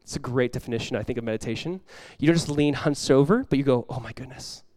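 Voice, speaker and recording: A male pastor preaching in a conversational sermon style, dropping to a hushed voice when acting out prayers. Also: medium pitch, fast, no echo, studio quality.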